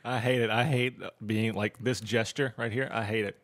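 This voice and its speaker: Laid-back low-voiced man, guest chatting. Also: fairly even intonation, normal speed, fairly bright tone. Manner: laid-back, laughs often, swears casually. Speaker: podcast guest, drummer. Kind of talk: casual chat.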